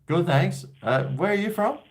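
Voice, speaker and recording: A man's voice: sits high, expressive, normal speed, background noise. A man from Australia hosting a casual live-stream chat, rambling, hesitant and swearing freely. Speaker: host.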